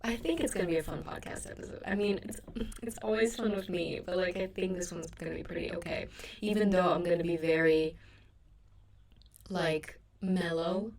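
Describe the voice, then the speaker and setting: Gravelly and darkish, on the low side at a normal speed, this young woman's voice comes with a little hiss or hum. She's hosting her own podcast from bed, sleepy and slightly sick in the throat, rambling casually and teasing herself.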